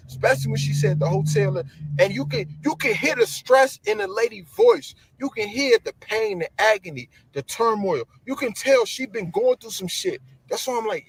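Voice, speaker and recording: A man with a high, slightly husky voice delivers a casual live-stream rant. He talks in loose slang, swears freely and circles back over the same points as he goes. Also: normal speed, no room sound, low-quality recording. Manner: animated, slangy, repeats himself, swears. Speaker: social media commentator.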